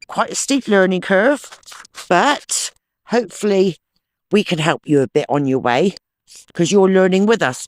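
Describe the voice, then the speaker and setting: With a high voice and no echo, this man hosts a metal detecting channel, chatting eagerly to himself and the audience as he searches a sloping farm field in a casual outdoor vlog.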